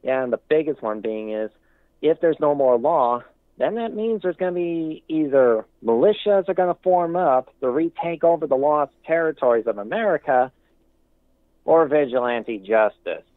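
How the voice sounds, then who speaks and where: A man's voice: on the high side, animated, normal speed, dry recording. A male caller to a talk show giving rambling, emphatic opinions with many restarts. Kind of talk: casual call-in commentary. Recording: tinny phone line.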